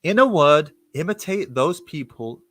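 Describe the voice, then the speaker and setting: A man reading passages from a book aloud and breaking off to comment on them in an expressive, animated way. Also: on the high side, measured pace, no echo.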